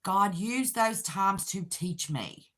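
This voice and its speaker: A woman's voice: medium pitch, animated, slow, fairly bright tone. An older woman speaking as a channel host, giving an earnest, heartfelt personal testimony. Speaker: channel host sharing her faith and grief.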